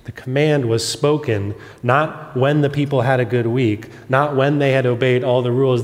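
A man preaching a sermon as pastor, earnest, swelling to emphatic peaks and then dropping soft. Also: mid-range voice, fairly even intonation, moderate pace, few pauses. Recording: long reverb of a large hall.

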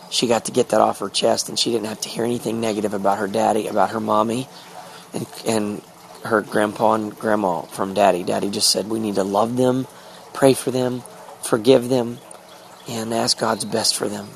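A middle-aged man talking earnestly about his faith and family, reflective, with halting restarts. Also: lowish voice, flat delivery, creaky, slight background noise. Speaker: father sharing a spiritual journal. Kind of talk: personal faith diary monologue.

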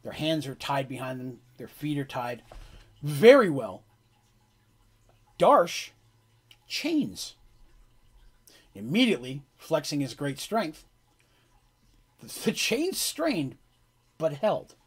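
Husky man narrating a tabletop game. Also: fairly high pitch, slow pace, long pauses. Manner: animated, casual descriptive narration. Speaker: game master.

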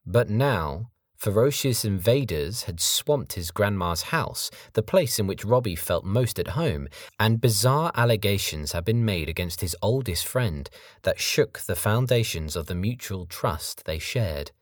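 A man narrating a novel audiobook in a measured, steady reading style. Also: fairly low pitch, no room sound, studio quality. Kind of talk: scripted narration.

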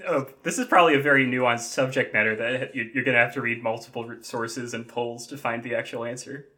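A man joining a casual podcast quiz, quick and teasing. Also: mid-range voice, fairly even intonation, bright, forceful tone. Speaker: podcast guest, quiz player.

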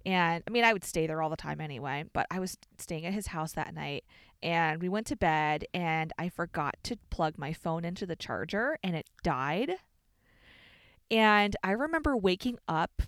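Brief: young woman podcast co-host from the Chicago suburbs, smooth clear voice, dry close mic, chatty and profane. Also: on the low side, moderate pace, dry recording. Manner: animated, swears freely, many "like" fillers. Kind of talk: casual storytelling chat.

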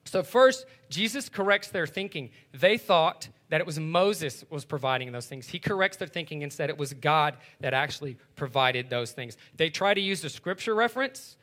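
A man with a fairly high, bright, forceful voice walks his listeners through a Bible passage. He explains it casually, like everyday talk, and keeps checking in with a quick "right?". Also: expressive. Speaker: Bible teacher. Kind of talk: conversational Bible teaching.

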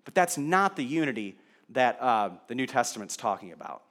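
A man's voice: medium pitch, very animated, a little fast, a bit bright. Man preaching a conversational sermon. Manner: conversational preaching with rhetorical questions. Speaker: pastor.

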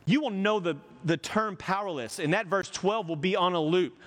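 High-voiced man preaching in a reverberant hall. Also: moderate pace. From United States. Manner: conversational, joking, dramatic. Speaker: pastor. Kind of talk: sermon.

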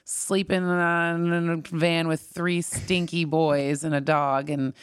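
A woman from California, a singer-songwriter guest, rambling through animated stories in a casual interview. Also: low-pitched, slow, smooth, no room sound.

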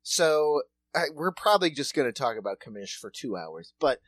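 A woman's voice: very deep voice, sing-song, moderate pace, no echo. A woman co-hosting a podcast who recaps a TV show with lots of laughter, swearing and mocking asides. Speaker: podcast co-host. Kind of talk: casual comedic recap.

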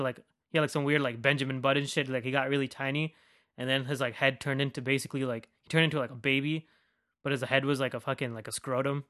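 A young man rants about a movie on his podcast, loose and mocking, with swearing in nearly every sentence. His voice sits a little high for a man, and he jumps between loud outbursts and low muttering. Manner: animated, swears constantly, mocking. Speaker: podcast host. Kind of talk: casual profane movie rant.

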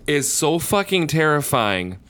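A man co-hosting a casual horror movie podcast, excitable, swearing freely and restarting his sentences often. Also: on the high side, unhurried, clean tone. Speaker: podcast co-host.

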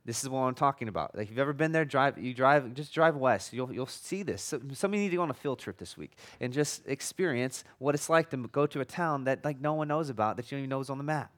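A man's voice: medium pitch, expressive, quick pace, few pauses. A middle-aged man preaching a sermon as a pastor, in a conversational way, with frequent restarts and jokey asides.

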